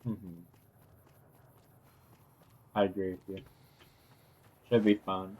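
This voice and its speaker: Young male co-host, low pitch, hushed and casual, slang-heavy. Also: level tone, slow. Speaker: podcast co-host. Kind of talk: casual chat.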